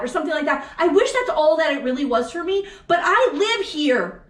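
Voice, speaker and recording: A woman co-host vents in an angry, profane political rant, firing off question after question. Her voice sits very high. The room around her rings with echo. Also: very animated, normal speed, a bit bright. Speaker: podcast co-host. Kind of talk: heated political chat. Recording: echoey room.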